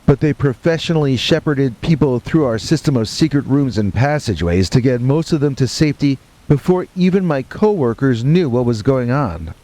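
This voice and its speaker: Against a backdrop of rain and thunder, a man tells a first-person horror story at a normal pace in a medium-pitched voice, barely pausing. His telling is deadpan and matter-of-fact, dotted with wry asides.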